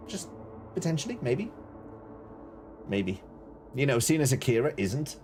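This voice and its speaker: A man's voice: mid-range voice, big pitch swings, unhurried, long pauses, over music. Chatty, jokey male game streamer. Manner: chatty, jokey, greets viewers and reacts to chat. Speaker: gaming streamer. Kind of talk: casual live-stream chat.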